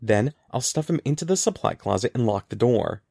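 An anxious, determined schoolboy in a storybook, as a man narrator reads him, earnest and urgent. The voice is gravelly and swings widely in pitch. The sound is dry and close. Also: expressive, fairly quick, mellow, no room sound.

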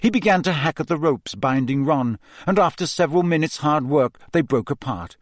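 A man giving a measured, expressive scripted narration of a fantasy novel. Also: fairly high pitch, no room sound, clean studio sound. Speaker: audiobook narrator.

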